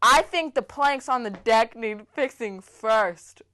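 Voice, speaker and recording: Woman, scornful bossy pirate, measured pace. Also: fairly high pitch, pushed and bright. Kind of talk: improvised pirate comedy skit.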